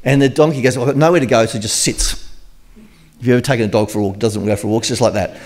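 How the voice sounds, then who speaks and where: A man's voice: lowish voice, quick pace, a little mellow. Chatty man preaching a sermon. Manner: chatty, joking storytelling. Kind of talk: conversational sermon.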